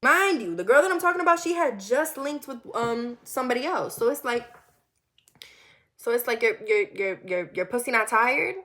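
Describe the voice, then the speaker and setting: A young woman from the US Northeast telling a personal story in a casual, animated way, acting out quotes and dropping to low murmurs. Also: normal speed. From Connecticut. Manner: animated and candid, acts out quoted lines, drops to low murmurs.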